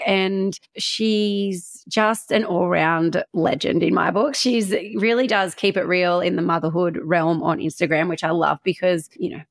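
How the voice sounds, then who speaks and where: Chatty woman with a gravelly edge. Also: on the low side. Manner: chatty, laughs often, many fillers. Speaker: podcast co-host. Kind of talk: casual chat.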